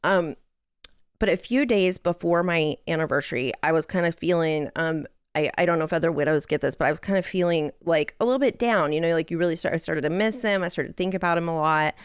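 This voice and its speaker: A widow sharing a personal story in a candid, chatty way, with many "likes" and "ums" and small laughs at the hard parts. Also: female voice, on the low side, fast talker, smooth, dry recording, studio quality. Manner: candid, chatty, frequent "like" and "um", laughs through sad moments.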